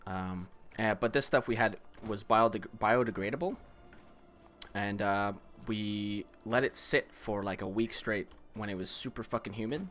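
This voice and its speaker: A young man from Ontario in casual chat, telling animated stories full of swearing, laughter and acted-out quotes. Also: lowish voice, moderate pace, faint music behind. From Ontario, Canada.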